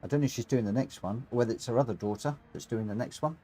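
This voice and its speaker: A man's voice: mid-range voice, rapid-fire, dark tone. A man giving chatty live commentary while streaming a racing game, talking to himself and his viewers with eager exclamations.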